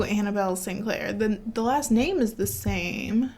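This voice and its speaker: A woman hosting her own gaming channel, chatting casually over gameplay in an excitable way and laughing often. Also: mid-range voice, unhurried.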